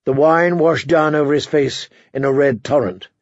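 A male narrator reads a fantasy novel in a measured, dramatic storytelling manner. His voice sits a touch high for a man. The recording is dry and slightly muffled. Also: no room sound. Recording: dull, muffled audiobook recording.

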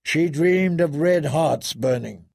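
A man narrating a grim story in a slow, measured audiobook reading. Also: a little high, gravelly, darkish tone, husky. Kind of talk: scripted narration.

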